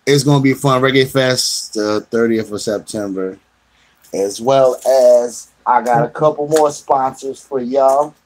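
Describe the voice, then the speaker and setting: A man's voice: mid-range voice, fairly even intonation, a little slow, a little mellow. A middle-aged man hosting a casual radio show, loose and joking, talking straight to listeners. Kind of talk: casual internet radio chat.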